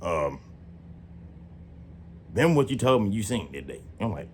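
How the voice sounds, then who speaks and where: A man in his late twenties tells a story in a loose, slangy way, swearing freely. His pitch swings widely, and he jumps up high whenever he quotes his own surprised lines. The delivery feels like unscripted casual talk. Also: big pitch swings, unhurried, a little hiss or hum.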